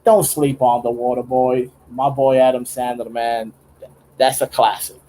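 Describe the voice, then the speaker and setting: Mellow and mid-range, this young man's voice has a flat delivery and a slightly slow pace, with a little hiss or hum on poor audio. He's a streamer chatting casually while drawing during a late-night livestream at his home studio, slangy, laughing often, and rambling with many restarts.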